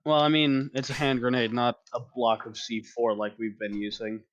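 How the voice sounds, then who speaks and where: A man's voice: mid-range voice, little pitch movement, muffled recording. A man playing a tabletop game, joking and swearing in casual banter. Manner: joking, profane, quick restarts. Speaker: player.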